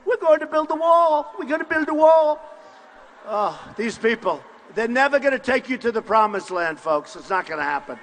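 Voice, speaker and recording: Older man, rally speech, raised pitch, long hall echo, boastful and repetitive. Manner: boastful, repetitive, punchy short phrases, often shouting to the crowd. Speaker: political candidate at a rally. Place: large university hall with crowd.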